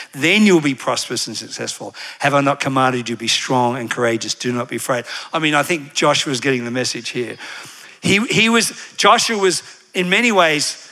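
A man preaching a sermon with energy, getting the congregation to repeat lines back and drifting into side stories. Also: fairly high pitch. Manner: energetic, leads congregation call-and-response; animated, digressive storytelling.

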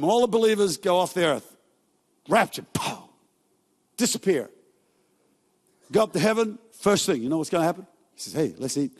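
Male pastor, fairly high voice, casual joking sermon delivery, recorded with long church-hall reverb. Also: lively intonation. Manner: casual, joking storytelling with quick asides.

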